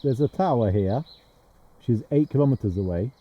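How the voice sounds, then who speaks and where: A man's voice: medium pitch, lively intonation, fairly quick, muffled recording. A man chatting casually in a travel vlog outdoors, playful and joking about his own pronunciation. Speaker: travel vlogger. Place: outdoors on a road trip.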